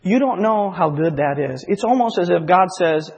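A man's voice: high-pitched, animated, normal speed, darkish tone, breathy edge, in a large hall, dull audio. A male pastor preaching a sermon in a church, earnest and confessional, often acting out inner voices. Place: church sanctuary.

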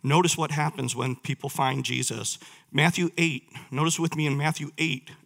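A man's voice: on the high side, fairly even intonation, moderate pace, gravelly, a bit bright. A man preaching a sermon, reading scripture aloud and putting questions to his listeners. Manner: reads verses aloud, asks the listeners questions.

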